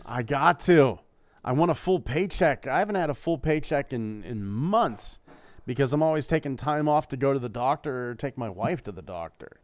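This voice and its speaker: A man's voice: medium pitch, lively intonation, normal speed, no echo. A middle-aged man co-hosting a podcast, rambling in casual chat, swearing freely and telling crude jokes. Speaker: podcast co-host.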